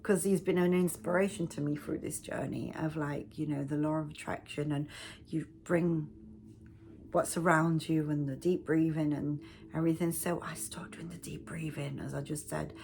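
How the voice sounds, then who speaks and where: A woman's voice: low-pitched, vocal fry, darkish tone, slight background noise. A woman, a self-help speaker, telling a personal story in a casual, rambling way with frequent restarts.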